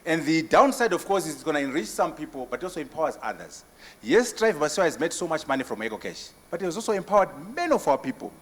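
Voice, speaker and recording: A Zimbabwean man giving a conference keynote and answering questions, emphatic and forceful, with repetition and rhetorical questions. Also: fairly high pitch, big pitch swings, quick pace. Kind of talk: impassioned conference speech. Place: large conference hall. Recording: long hall reverb.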